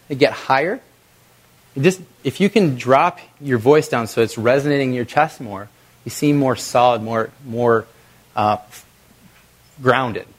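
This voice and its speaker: A middle-aged man leads a live workshop and coaches the room with direct, energetic delivery. His voice sits at an ordinary pitch. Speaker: video presentation trainer. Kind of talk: live workshop talk to an audience.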